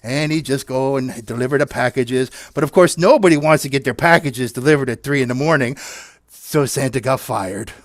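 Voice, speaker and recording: A man's voice: medium pitch, moderate pace, no room sound, clean studio sound. A man hosting a playful Zoom puppet show, telling silly stories and leading a children's sing-along with jokey asides. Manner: jokey and animated, chatty asides to the audience. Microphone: video call.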